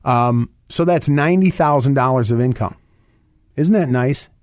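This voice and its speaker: Guy doing a money radio show, talks fast, keeps restarting himself, dry close mic. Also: medium pitch, dry recording. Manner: fast-talking, rambling with restarts and fillers. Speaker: radio show host and investment advisor. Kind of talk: financial advice radio talk.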